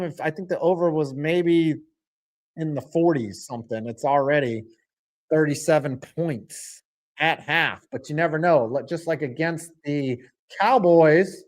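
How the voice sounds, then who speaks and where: Excitable man reacting to a football game live. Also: on the high side, measured pace. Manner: excitable, rambling, swings between loud outbursts and mumbles. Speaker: sports streamer.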